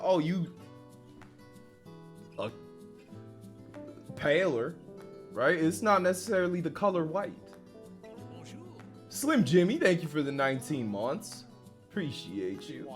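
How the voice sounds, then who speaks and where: Young man, streamer, casual rambling chat, loose slang, faint music behind. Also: on the high side.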